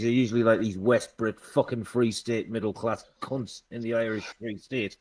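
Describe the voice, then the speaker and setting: A man's voice: medium pitch, a little fast, hardly any pauses. A man in casual political chat, blunt, exasperated and heavily profane. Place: England.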